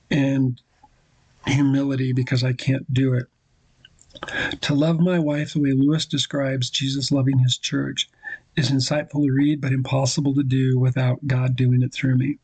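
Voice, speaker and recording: A man hosting a devotional talk for husbands, speaking earnestly and quoting scripture, with pauses and restarts. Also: mid-range voice, little pitch movement, darkish tone, husky, dry recording, rough recording. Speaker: host giving marriage advice to husbands.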